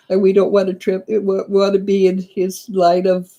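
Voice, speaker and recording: A woman's voice: mid-range voice, level tone, measured pace, mellow, dull audio. A middle-aged woman doing psychic readings on a live stream, chatting casually and laughing often, sometimes restarting her sentences. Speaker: psychic reader. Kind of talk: live stream chat, answering viewer comments.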